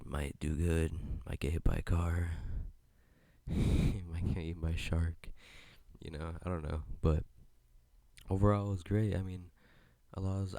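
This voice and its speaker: A man's voice: low voice, vocal fry, warm tone, no room sound. A young man hosting a solo podcast, rambling in a laid-back way and swearing freely. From United States. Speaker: podcast host. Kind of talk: solo casual podcast chat.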